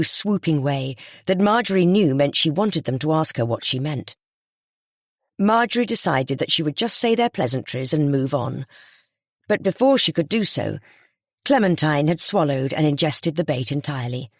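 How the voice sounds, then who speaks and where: An audiobook narrator reading a cozy mystery in a steady, even storytelling manner. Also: medium pitch, normal speed, no room sound, studio quality.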